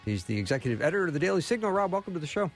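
A man's voice: fairly high pitch, very animated, rapid-fire, faint music behind. A man hosting a radio talk show, chatting casually with fillers and easy laughs.

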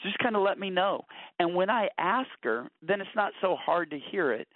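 A middle-aged man, a guest author on marriage, shares earnest, anecdotal stories in a conversational way, often repeating words as he starts a thought. His high voice is animated at a normal speed. The audio is dry and tinny like phone-in radio, with no room sound.

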